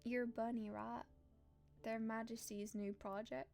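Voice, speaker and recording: A woman's voice: fairly high pitch, level tone, unhurried, darkish tone, soft background music. A woman voicing a gossipy young female palace servant with a put-on country accent, in a chatty, confiding way. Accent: put-on American country.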